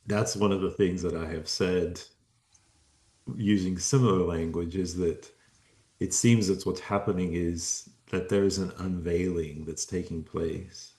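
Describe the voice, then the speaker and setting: A man from the United States hosting an interview, speaking in a measured, thoughtful and slightly halting way. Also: deep voice, fairly even intonation, dark tone. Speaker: podcast host. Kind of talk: interview conversation. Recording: echoey room sound.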